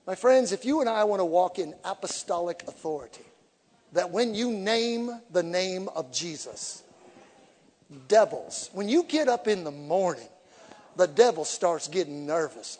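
A man preaching as an evangelist, telling stories with humor and swinging from quiet to shouting. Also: high voice, measured pace. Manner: animated storytelling with humor, shifts from quiet to shouting. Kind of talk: sermon. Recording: echoey hall reverb.

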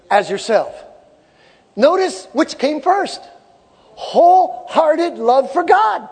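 A middle-aged male pastor preaching a sermon with fervent, shouted peaks and repeated phrases in a large church sanctuary. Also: very high voice, husky. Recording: long hall reverb.

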